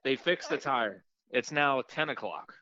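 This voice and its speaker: A man co-hosting a podcast, telling an animated story in casual chat, swearing often and acting out the people he met. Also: mid-range voice, measured pace, no room sound, highs cut off. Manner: animated storyteller, swears a lot, acts out voices. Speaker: podcast co-host.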